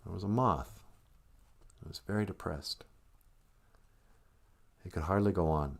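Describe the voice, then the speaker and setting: A man's voice: sits low, unhurried, gravelly. A man hosting a live stream, telling a wandering comedic monologue and laughing at his own jokes.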